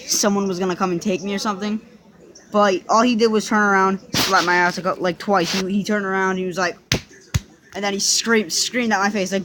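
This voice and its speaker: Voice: medium pitch, fairly bright tone, a little hiss or hum. A young person casually telling a personal story to the camera, rambling through restarts and fillers and swearing now and then.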